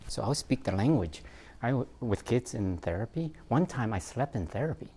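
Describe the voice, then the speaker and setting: A man's voice: mid-range voice, big pitch swings, moderate pace, dark tone, husky. A man, a therapist, giving an informal talk on parenting, reflective and self-mocking, with frequent fillers and laughs.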